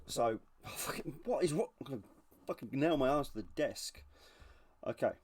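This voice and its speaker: Speaking at a normal speed in an expressive, mid-range voice with a darkish tone, this man runs his own channel. He reacts to reenactor videos casually, bluntly and sarcastically, swearing as he goes.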